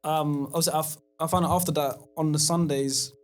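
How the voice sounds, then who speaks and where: A man's voice: on the high side, fairly even intonation, a little fast. Laid-back young man chatting on a podcast. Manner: laid-back, drawling, trails off with fillers. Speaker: podcast guest. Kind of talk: casual chat.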